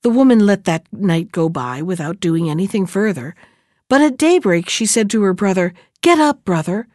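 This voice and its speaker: A woman reads a folk tale aloud in an expressive, measured storybook manner. Her pitch moves a lot, and the sound is close and dry. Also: no echo. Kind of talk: storybook read-aloud narration.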